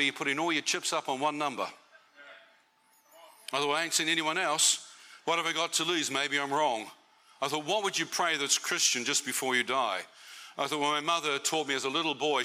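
A man's voice: fairly high pitch, sharp tone. A man giving a testimony sermon to a church meeting, conversational and often asking the audience questions.

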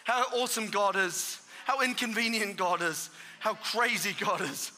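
A man's voice: high-pitched, moderate pace, slight background noise. Fervent man preaching in a hall. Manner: excitable, bursts into shouting for emphasis. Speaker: guest preacher giving testimony. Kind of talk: preaching testimony. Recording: reverberant hall with live audience.

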